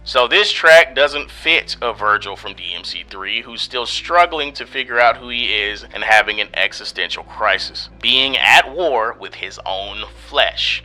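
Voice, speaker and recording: A man's voice: medium pitch, animated, measured pace, few pauses, bright, forceful tone, rough recording. A man hosting a review show, delivering scripted commentary in an exasperated, sarcastic tone full of rhetorical questions. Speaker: host and reviewer.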